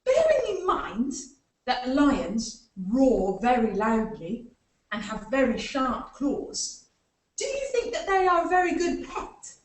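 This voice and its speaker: A woman's voice: sits high, wildly swooping pitch, takes it slowly. A woman leading a live story time for young children, playfully asking them to join in with actions. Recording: echoey room, far from the mic.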